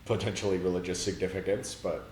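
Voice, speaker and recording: A man's voice: low-pitched, little pitch movement, quick pace, a little mellow. A man playing a tabletop game, making dry, wry remarks. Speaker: player. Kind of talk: casual tabletop chat. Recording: echoey room, faint noise.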